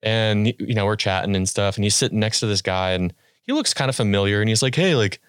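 A young man hosting a casual podcast, his voice low and steady. He tells stories in an easygoing way, speeding up in quick bursts. The sound is close and dry, with no room around it. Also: clean tone, no echo. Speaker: podcast host.

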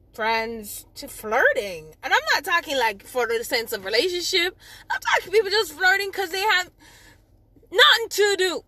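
A woman, hosting her own podcast in a rambling, casual solo chat with sudden loud outbursts. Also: high voice. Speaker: podcast host.

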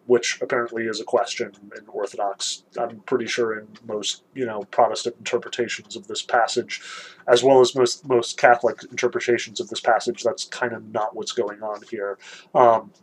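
A man giving a casual lecture, chatty and animated, with self-deprecating asides. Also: medium pitch, moderate pace, breathy edge, poor audio.

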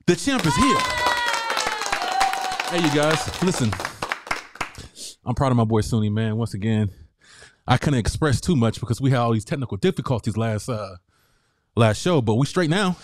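Hyped man hosting with lively pitch. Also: normal speed, a faint crowd, slight background noise. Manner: hyped, slangy shout-outs. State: out of breath. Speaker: podcast co-host. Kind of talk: casual podcast chat.

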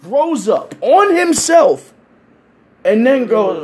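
A man telling crude stories in casual chat, animated and acting out the people he quotes. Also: high-pitched, normal speed. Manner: animated, acts out quoted voices. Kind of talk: casual profane storytelling.

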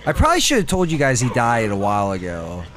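A man's voice: medium pitch, fast talker. A young man joking and swearing through casual gaming banter with friends. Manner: joking, excitable, swears a lot. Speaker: gamer.

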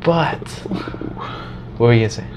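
An animated man talks in a loose, casual podcast chat and swears freely as he tells a story. His voice is mid-pitched. A faint hiss of ambience sits under it. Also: normal speed, highs cut off.

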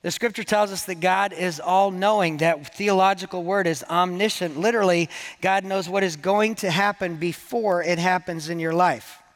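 A man's voice: high-pitched, steady tone, normal speed. A man preaching a sermon to his church in a conversational, joking way, acting out the quoted lines. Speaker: pastor.

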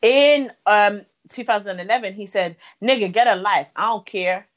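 A woman's voice: mid-range voice, normal speed, rough recording. A woman co-hosting a casual podcast, reading posts aloud with wry, matter-of-fact asides. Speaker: podcast co-host.

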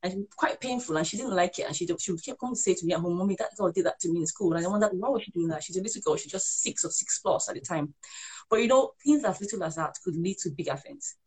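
Fast-talking husky woman giving parenting advice. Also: fairly low pitch, lively intonation. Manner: earnest, repeats herself while explaining. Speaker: guest author and parent. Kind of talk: conversational advice on a live show.

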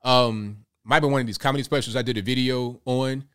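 A man's voice: mid-range voice, fairly even intonation, fast talker, fairly bright tone, clean tone. A young man hosting a reaction commentary, talking bluntly and repeating himself in a conversational way. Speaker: commentary host.

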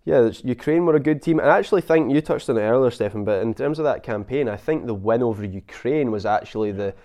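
A Scottish man hosting a casual football podcast, talking with many halting restarts. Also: mid-range voice, animated, warm tone. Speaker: podcast host.

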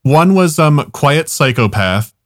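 A man's voice: fairly high pitch, big pitch swings, slow pace, dry recording, clean studio sound. A young man casually telling a long, rambling story on a podcast, swearing often and laughing at his own jokes.

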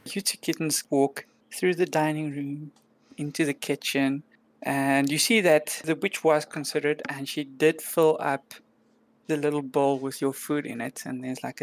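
A woman narrating a tabletop role-play game as game master, calm and descriptive. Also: very deep voice, moderate pace.

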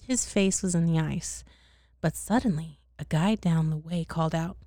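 A woman's voice: sits low, moderate pace, mellow, no room sound, clean studio sound. A woman giving a casual, profane bedtime story reading and laughing at her own slips. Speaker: reader.

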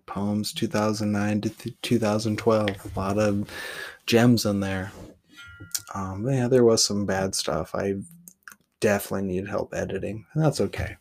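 Male poet-host, lowish voice, loose reflective monologue, blunt and profane. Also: little pitch movement, a little slow, gravelly, darkish tone. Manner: candid, rambling, swears casually.

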